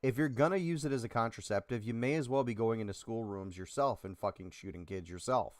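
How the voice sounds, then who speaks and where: A man's voice: mid-range voice, fairly quick, no echo, studio quality. A man co-hosting a podcast in casual chat, speaking emphatically and provocatively as he rants. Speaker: podcast co-host.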